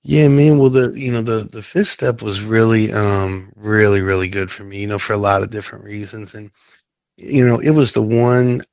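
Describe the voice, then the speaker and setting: A man from Nashville, Tennessee, guest on a recovery podcast, telling a long story in a rambling way, with many fillers and frequent throat clearing. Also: on the low side, fairly even intonation, moderate pace, a little mellow, dry recording, lo-fi sound. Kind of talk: casual storytelling chat.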